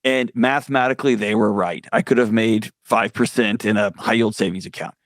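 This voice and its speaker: A man with a fairly low pitch talks fairly quickly and in a steady tone as a guest mental health expert. In this conversational interview he tells stories earnestly and candidly, with no echo on the recording.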